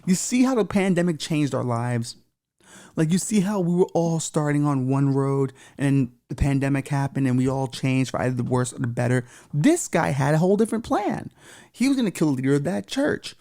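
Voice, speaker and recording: Gravelly, warm-voiced man riffing casually. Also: on the high side, lively intonation, fairly quick. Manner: irreverent, joking asides with profanity; stumbles over unfamiliar names while reading. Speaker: podcast co-host. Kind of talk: casual podcast commentary reading news aloud.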